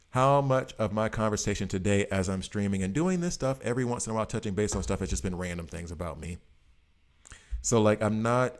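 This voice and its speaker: An American man in his late thirties, chatting loosely with viewers on a live stream in a rambling, slangy way. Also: on the low side. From United States. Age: 30s. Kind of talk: casual chat with viewers.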